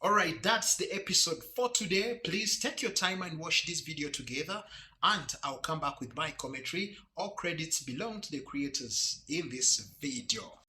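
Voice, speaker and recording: A man introduces a reaction video in a very bright, sharp voice that sits a little high for a man. He starts out dramatic and then drifts into a loose, conversational ramble. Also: expressive, moderate pace. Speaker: channel host.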